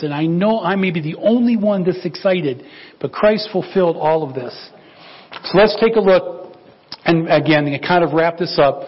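Male pastor, conversational and animated sermon, slightly high voice, muffled lo-fi audio. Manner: animated, acts out biblical dialogue in quoted voices.

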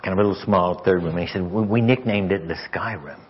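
A man preaching as a guest speaker, telling a story with stammered repeats and sometimes sinking to a hushed whisper. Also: low voice, fast talker, breathy edge. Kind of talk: sermon storytelling. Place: church sanctuary. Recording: dull lo-fi church audio.

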